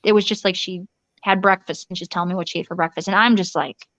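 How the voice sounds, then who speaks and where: A woman interview guest telling a personal ordeal in a rushed, urgent way, often restarting sentences and acting out quoted dialogue. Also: on the low side, steady tone, fairly bright tone, no room sound. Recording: dull lo-fi dry recording.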